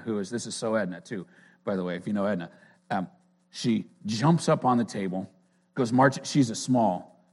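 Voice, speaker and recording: A man's voice: on the low side, a little mellow. A man giving an informal sermon in an earnest, conversational way, often restarting his sentences. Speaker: preacher.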